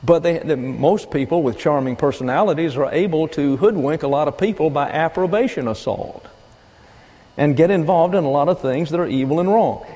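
An older man delivers a sermon in a deliberate, emphatic teaching manner. His voice sits slightly high but sounds mellow and dark. Long reverb from a large hall trails every phrase. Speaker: preacher.

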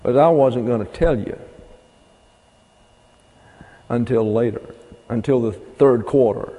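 Teaching a Bible class, a man speaks in a loose, folksy manner, drifting into asides and spelling out words letter by letter. His medium-pitched voice is dark, mellow, and slightly rough, and he talks slowly. A long hall reverb trails after his words.

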